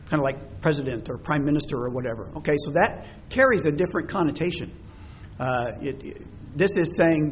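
Man teaching from scripture, slightly high. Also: a little fast, slight background noise. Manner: reads verses aloud with emphasis, asks rhetorical questions, hesitant fillers. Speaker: Bible teacher. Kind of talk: sermon-style Bible teaching.

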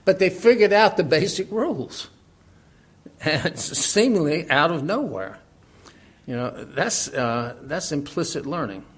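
A middle-aged man preaching in a relaxed, conversational way, laughing often and asking rhetorical questions. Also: a little high, a little slow, slightly rough. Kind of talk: sermon.

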